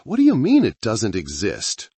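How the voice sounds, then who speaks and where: A man's voice: fairly low pitch, huge pitch swings, moderate pace, husky, no room sound, full character voice. A man voicing a desperate middle-aged father who is a doctor, speaking urgently and insistently.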